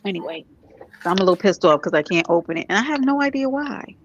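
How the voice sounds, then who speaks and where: A woman from New York chatting casually as a vlogger, animated, with quick asides and laughs. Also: mid-range voice, highs cut off, a little hiss or hum. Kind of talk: casual chat.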